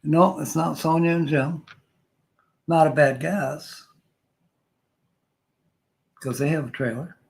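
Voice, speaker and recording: Older man, live-stream host, chatty and joking, frequent chuckles, slightly high voice, gravelly, slow delivery. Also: steady tone, rough recording. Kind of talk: casual live-stream chat reading viewer comments.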